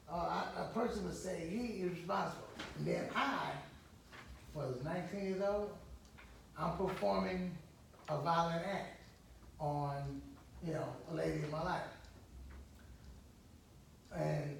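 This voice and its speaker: A man's voice: high voice, gravelly. A man in his fifties, a counselor, giving a rambling, vivid personal testimony in a counseling group. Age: 50s. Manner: rambling, repetitive, vivid storytelling. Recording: echoey room from far off, faint noise.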